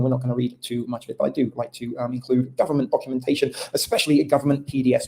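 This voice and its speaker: A man hosts a live stream, talking in a casual, meandering way with plenty of fillers. His voice has a gravelly edge, and his asides run dry and sarcastic. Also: mid-range voice, a little mellow, poor audio. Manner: rambling, many ums and asides; wry, sarcastic. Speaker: podcast host.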